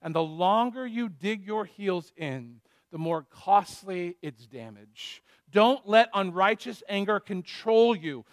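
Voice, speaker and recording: A pastor delivers a sermon in a high, measured voice. He talks slowly and earnestly, firing pointed questions at his listeners. The sound is dry and close, with no room echo. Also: lively intonation.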